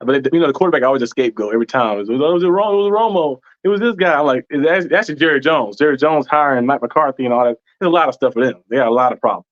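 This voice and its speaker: A man's voice: medium pitch, lively intonation, fast talker, hardly any pauses, dull audio. A man talking as a guest on a casual livestream, laughing often and acting out quotes.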